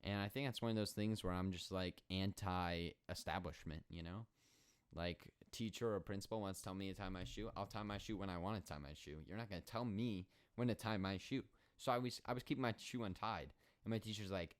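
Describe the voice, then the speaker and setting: 20 yo guy, kinda low voice, rambly sarcastic storytime podcast. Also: a little fast, clear, resonant tone. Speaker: podcast host.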